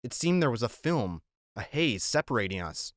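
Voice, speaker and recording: A man narrating an audiobook in a measured, even storytelling voice, recorded close on a studio mic. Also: medium pitch, dry recording.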